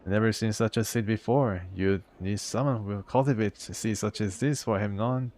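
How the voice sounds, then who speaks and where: A man's voice: on the low side, normal speed, darkish tone. A man casually playing through a video game, reading its text aloud and chatting about it. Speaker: gamer.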